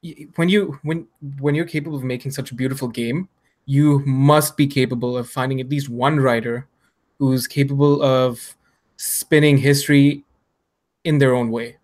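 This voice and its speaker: A man's voice: mid-range voice, fairly even intonation, moderate pace, a little mellow. Earnest man thinking aloud on a podcast. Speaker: podcast co-host. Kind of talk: casual gaming chat.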